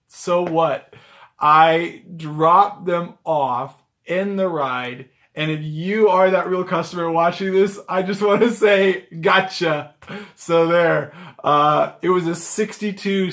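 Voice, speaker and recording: Guy vlogging a driving story, kinda high voice, says "like" a lot. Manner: chatty, animated, lots of "like" fillers. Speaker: rideshare driver vlogger. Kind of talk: casual storytelling to camera. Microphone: handheld camera on a gimbal.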